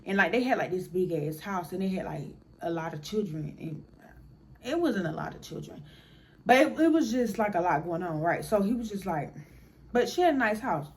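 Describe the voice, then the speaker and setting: A young woman telling a casual storytime, animated, blunt and profane, talking straight to her viewers. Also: fairly low pitch, normal speed. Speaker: storyteller vlogger.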